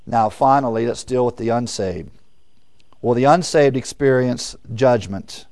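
An emphatic preacher teaching from scripture, a man whose voice sits at an ordinary middle pitch. He poses questions to his listeners and answers them himself, punching key words and then dropping into hushed asides. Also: measured pace. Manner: emphatic, swings between loud stresses and quiet asides. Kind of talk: sermon, verse-by-verse teaching.

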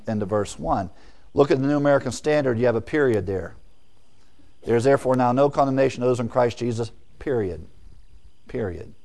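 An emphatic preacher teaching from scripture, a man whose voice sits at an ordinary middle pitch. He poses questions to his listeners and answers them himself, punching key words and then dropping into hushed asides. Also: vocal fry. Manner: emphatic, swings between loud stresses and quiet asides. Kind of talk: sermon, verse-by-verse teaching.

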